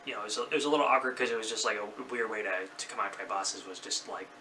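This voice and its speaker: Bright-voiced man rambling through a story. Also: lowish voice, rapid-fire. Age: 30s. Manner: rambling, loses track and corrects himself. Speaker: vlogger. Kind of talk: casual personal storytelling. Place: his bedroom. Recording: slightly distant mic, faint background noise.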